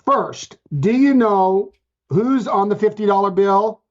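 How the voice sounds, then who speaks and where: Brief: playful male podcast co-host, casual banter, dull lo-fi sound. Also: sits high. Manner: playful, joking, quick restarts. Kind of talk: casual chat.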